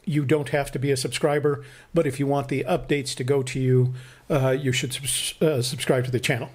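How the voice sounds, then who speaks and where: A man's voice: mid-range voice, fairly even intonation, fairly quick. A man co-hosting a vlog in casual chat, explaining details with a teasing edge. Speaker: vlog co-host.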